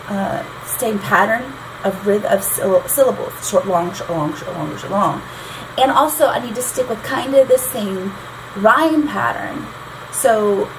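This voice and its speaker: A woman teaching songwriting in a chatty, explanatory way, tapping out rhythms aloud as she goes. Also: mid-range voice. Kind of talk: explanatory lesson. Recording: noticeable background noise.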